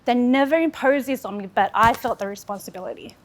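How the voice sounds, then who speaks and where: An Australian woman in her thirties delivers an earnest, candid speech about her own life, building it on repeated phrases. Her voice sits on the high side and her delivery is brisk.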